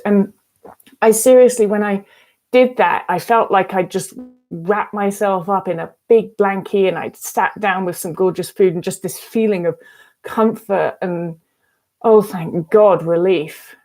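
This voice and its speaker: A woman's voice: mid-range voice, measured pace, darkish tone. A woman, giving frank, emphatic advice as a recovery coach in a casual vlog and swearing freely. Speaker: eating disorder recovery coach.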